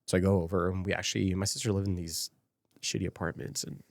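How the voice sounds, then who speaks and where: A man from Las Vegas with a low, gravelly voice, speaking as a guest on a podcast. He tells a candid personal story and acts out old conversations as quoted dialogue, and at times he is emotional and choked up. The sound is dry and close, with no room around it. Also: fairly even intonation, fast, no room sound. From Las Vegas, USA.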